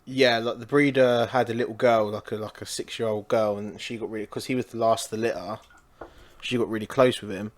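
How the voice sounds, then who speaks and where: A man with a British accent co-hosting a podcast, chatting in a relaxed, offhand way with casual swearing. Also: lowish voice, brisk. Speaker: podcast co-host. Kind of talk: casual chat.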